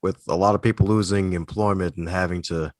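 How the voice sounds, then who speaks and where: A man hosting a podcast interview, summing up in a quick, loose way. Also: deep voice, fairly even intonation, no room sound, studio quality. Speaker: podcast host.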